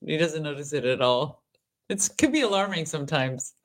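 A woman's voice: low-pitched, animated, normal speed. A woman co-hosting a faith podcast, laughing and teasing in casual chat and leading an earnest spoken prayer. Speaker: podcast co-host.

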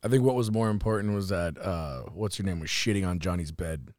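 A man's voice: sits low, fairly quick, a little mellow, dry recording, studio quality. A man in a casual podcast chat who teases, giggles and repeats others' lines back mockingly.

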